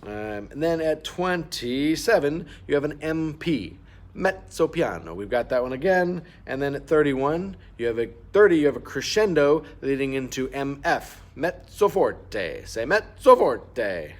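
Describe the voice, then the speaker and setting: With a fairly high, animated voice at normal speed, a man who teaches band works through a clarinet part step by step. He is patient as he explains fingerings and markings, and he sings the rhythms aloud for demonstration.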